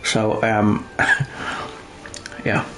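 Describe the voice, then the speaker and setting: A man chats through a game stream in a slow, relaxed way, with easy asides. His voice carries a roomy echo, with faint game music playing underneath. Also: on the low side. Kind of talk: casual gameplay commentary.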